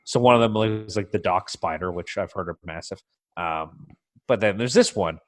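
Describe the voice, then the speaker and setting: A man's voice: low-pitched, moderate pace. A man co-hosting a casual podcast from a remote computer mic, telling stories with lots of swearing and acting out his own alarm. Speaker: podcast co-host. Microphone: computer mic, remote call.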